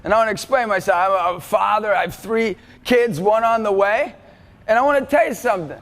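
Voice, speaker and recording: Intense, high-voiced man preaching loudly. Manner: intense, shouting, quick and jokey. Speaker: youth speaker. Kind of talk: energetic faith talk to a live audience. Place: large event hall. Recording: long hall reverb, faint crowd.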